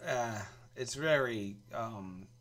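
A man's voice: mid-range voice, takes it slowly. A man in improvised comedy banter, hesitant and stammering as he protests.

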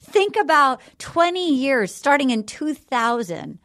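A woman hosting a casual chat, telling stories fast and acting out quoted people. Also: high voice. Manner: fast, animated storytelling with quoted voices. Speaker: podcast host.

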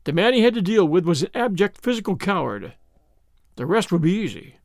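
Gravelly, lively male audiobook narrator. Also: high-pitched, a little fast, no room sound, studio quality. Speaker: audiobook host and reader.

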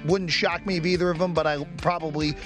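A man co-hosting a sports betting show, relaxed and measured. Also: fairly high pitch, music in the background. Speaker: co-host.

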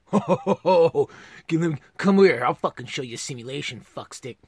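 A man doing an impression of a gruff older astronaut who makes loud, profane, boastful threats. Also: fairly high pitch, lively intonation, normal speed, no room sound, clean studio sound. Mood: threatening.

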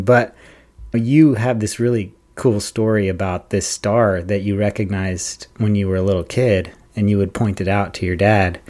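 Male podcast host, lowish voice, relaxed and rambling. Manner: relaxed, rambling, with filler words. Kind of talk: casual interview chat.

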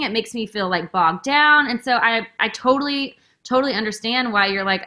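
A woman's voice: on the high side, expressive, moderate pace, pushed and bright. A woman hosting a podcast, chatting in an emotional, effusive way and saying "like" constantly. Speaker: podcast host. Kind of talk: casual interview chat.

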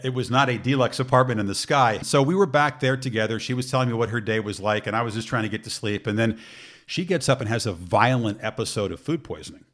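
A middle-aged man chatting casually as a guest, telling anecdotes in an animated way and laughing easily. His voice sits in an ordinary middle register. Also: medium pitch, quick pace. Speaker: sports broadcaster guest. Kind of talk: casual chat, storytelling.

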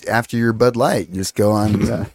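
Man with deadpan one-liners. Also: fairly low pitch, moderate pace, gravelly, no room sound. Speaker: podcast co-host. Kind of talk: casual comedic chat.

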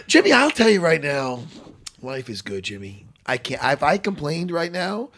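A man in his forties co-hosting a casual chat, animated and teasing, stumbling over words when he searches for them. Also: a little high, measured pace, gravelly. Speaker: co-host.

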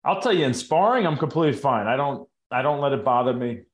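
A man talks as a guest on a casual podcast, relaxed, friendly and reflective. His voice sits in the middle range, and the recording has a roomy echo. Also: medium pitch, fast.

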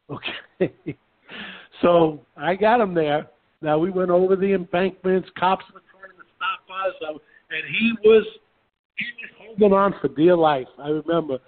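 A brash, animated man tells stories in a loose, casual chat. His voice sits a little high for a man. The sound is thin and narrow, like a phone line. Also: normal speed. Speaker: guest telling stories. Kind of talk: casual storytelling.

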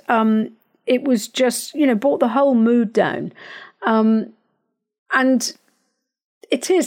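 A woman hosting a podcast, talking casually and giving advice, with many fillers and restarts and sudden lively jumps in pitch. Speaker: podcast host.

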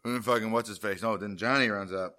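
A man's voice: on the low side, steady tone, fast, sharp tone, no echo, studio quality. A man co-hosting a casual, profane chat that recaps a TV episode, often acting out lines with laughter. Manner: profane, laughing, acts out quotes. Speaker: podcast co-host.

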